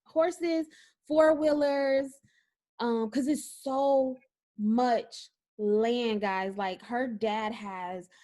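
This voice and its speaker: A woman co-hosting a casual podcast, telling stories in an animated way and often laughing. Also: on the high side, extremely slow. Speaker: podcast co-host. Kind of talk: casual chat.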